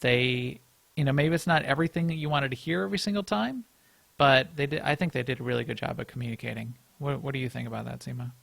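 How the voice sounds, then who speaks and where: A man's voice: mid-range voice, fast talker, vocal fry, a bit bright, dry recording. A man co-hosting a podcast in casual chat. He rambles, restarts often and chuckles between thoughts. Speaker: podcast co-host.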